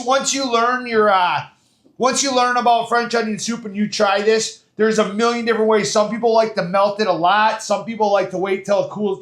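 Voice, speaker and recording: Chatty high-voiced man in an echoey kitchen. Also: fairly bright tone. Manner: chatty, folksy, lots of fillers. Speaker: home cooking show host. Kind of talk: casual step-by-step cooking demo. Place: home kitchen.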